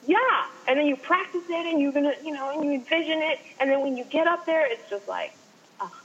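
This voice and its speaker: A woman chatting casually, telling an excited, animated story. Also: high-pitched, quick pace. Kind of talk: casual chat. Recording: dull lo-fi line with faint noise.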